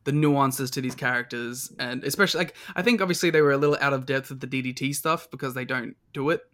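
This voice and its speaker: A man with a mid-pitched voice guests on a podcast and talks matches in casual chat. He is enthusiastic but halting, and he leans on "like" as he works out his points. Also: a bit bright, slight background noise.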